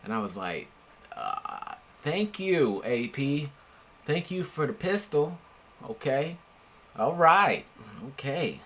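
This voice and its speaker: A young man telling a story from his own life in a laid-back, slangy, animated way. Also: a little high, takes it slowly, slight background noise. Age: young adult. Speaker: storyteller vlogger. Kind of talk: casual storytelling.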